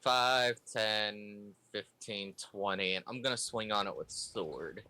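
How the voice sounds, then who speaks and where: A man's voice: lowish voice, slow pace, sharp tone, dry recording. A man playing a tabletop game in a matter-of-fact way, sometimes speaking in character. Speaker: player. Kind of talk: casual tabletop play.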